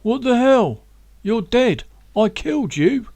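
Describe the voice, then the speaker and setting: A man's voice: sits high, big pitch swings, unhurried, creaky, no room sound, voice pushed up, full character voice. A man voicing a scared, blustering thug with a London accent. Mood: defiant.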